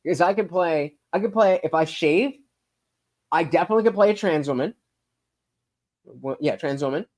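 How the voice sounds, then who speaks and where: A man's voice: on the high side, normal speed, pauses often, darkish tone. A man hosting a casual livestream, reading chat and rambling profanely with lots of stammered fillers. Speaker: streamer host reading live chat.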